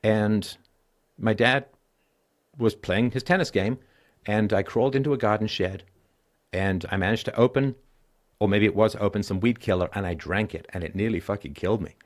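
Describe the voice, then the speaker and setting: This is a middle-aged man running a call-in show and recounting personal tales in a blunt, foul-mouthed way. His delivery drops low and worn out before rising into loud emphasis, all at a moderate pace.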